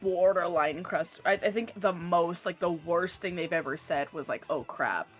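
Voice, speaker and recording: A woman chatting on a stream, telling stories animatedly and going squeaky when she quotes people. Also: fairly even intonation, moderate pace, faint music behind. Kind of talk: casual chat.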